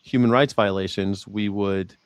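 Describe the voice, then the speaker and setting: A man's voice: fairly low pitch, steady tone, moderate pace, clean tone, no room sound. A man hosting a livestream, chatting casually and reading viewer comments aloud with a rambling delivery. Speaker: livestream host. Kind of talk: casual political chat.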